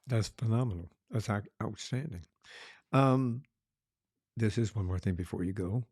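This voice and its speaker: A man's voice: on the low side, normal speed, a little mellow, slightly rough, no echo, studio quality. A man hosting an interview podcast, courteous and effusive with praise. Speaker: podcast host. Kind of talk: casual interview.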